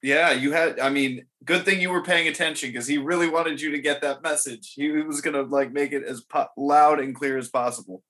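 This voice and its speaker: A man's voice: on the high side, steady tone, fairly quick, few pauses, sharp tone. A man hosting a casual conversation, responding to his guest in an easygoing way.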